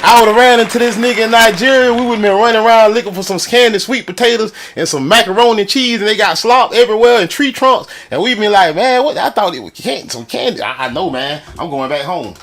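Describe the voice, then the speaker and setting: Loud cackling man reacting. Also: sits high, fast, hardly any pauses, a little hiss or hum. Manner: loud, animated, often shouting and cackling. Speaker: reaction video host. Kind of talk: laughing reaction commentary.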